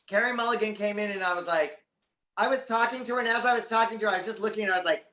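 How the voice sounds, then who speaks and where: As a guest on a talk show, a man chats casually and animatedly about his career in a casual interview. His voice is high, rapid-fire and sharp, and the room sounds echoey.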